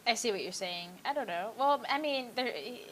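Woman, podcast co-host, bright tone, gushing, sentimental, casual. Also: on the high side, lively intonation, normal speed, a little hiss or hum. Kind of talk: casual movie chat.

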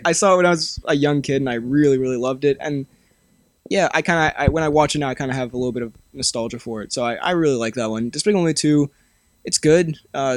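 This young man hosts a podcast and chats casually, laughing often and restarting his sentences. His pitch is medium, and there's no room sound.

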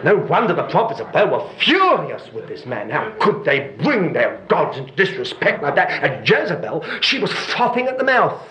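A man's voice: fairly high pitch, normal speed, few pauses, a crowd in the background. An older male preacher giving a sermon, telling stories with dry humor. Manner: lively storytelling with dry humor and chuckles. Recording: roomy, dull, slightly noisy hall recording.

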